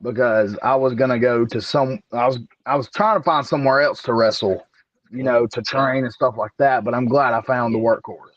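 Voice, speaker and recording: A wrestler guest from Alabama, answering in a slow, measured way and clearing his throat now and then. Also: mid-range voice, fairly even intonation, no room sound. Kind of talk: casual interview answers. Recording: dry, dull lo-fi audio.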